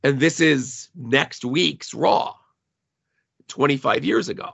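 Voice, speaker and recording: A man co-hosting a casual podcast, with a very gravelly, husky voice. He talks in a wry, chatty way and often laughs at his own jokes. The sound is a little dull, as if from a lo-fi mic. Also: on the high side, slow, a bit bright. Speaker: podcast co-host.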